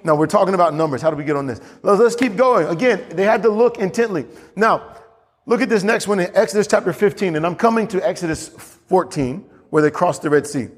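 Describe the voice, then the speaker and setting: A pastor preaching a sermon in a church, getting animated and climbing high as he acts out scripture. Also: fairly quick, husky, in a large hall.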